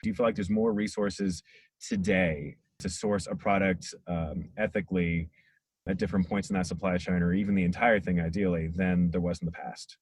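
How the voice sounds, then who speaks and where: A man's voice: deep voice, fairly even intonation, moderate pace, a little mellow, slightly rough, no echo. A man hosting an interview, asking long, rambling questions full of fillers. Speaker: interviewer, podcast host. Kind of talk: conversational interview.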